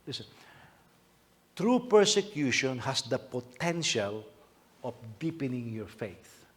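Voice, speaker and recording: A man pastor from the Philippines preaching a sermon, animated, with many repetitions and rhetorical questions. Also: medium pitch, slow pace.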